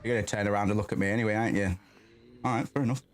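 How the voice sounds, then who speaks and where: A man's voice: on the low side, steady tone, very fast, a little hiss or hum. A man hosting a gaming stream, chatting casually and rambling with offhand swearing while he plays. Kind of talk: casual let's-play commentary.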